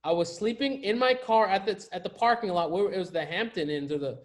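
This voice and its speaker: A man's voice: high voice, a little fast. A man coaching viewers in a casual motivational talk to camera, emphatic and slangy, often repeating his key phrases for effect. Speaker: life coach.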